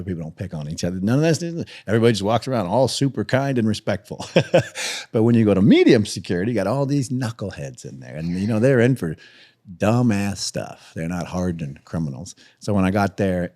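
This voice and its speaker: A man telling a story as a podcast guest, animated, swearing freely and laughing through it, jumping up in pitch when acting out other people.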